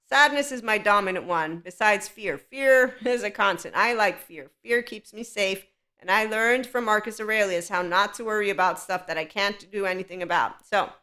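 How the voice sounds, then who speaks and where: A woman's voice: medium pitch, pushed and bright. A woman hosting a spiritual self-help podcast in a solo monologue. She speaks candidly and with strong opinions, and laughs often as she goes. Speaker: podcast host.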